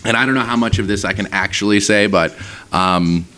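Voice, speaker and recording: A man's voice: lowish voice, brisk, bright, forceful tone. A man hosting a podcast, telling a dating story in casual chat, swearing and laughing as he goes. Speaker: podcast host. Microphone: set up for two cameras.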